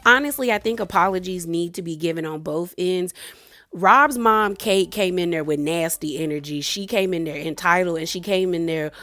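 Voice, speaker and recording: Animated woman recapping reality TV. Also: lowish voice, normal speed, no room sound. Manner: animated, laughs often, acts out quotes. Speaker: reality TV reviewer. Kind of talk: casual recap and commentary.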